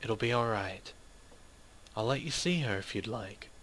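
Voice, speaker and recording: A man voicing an eerie little girl who speaks in a soft, hushed, coaxing way with a sinister edge. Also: on the low side, lively intonation, a little slow, a little hiss or hum. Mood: soothing.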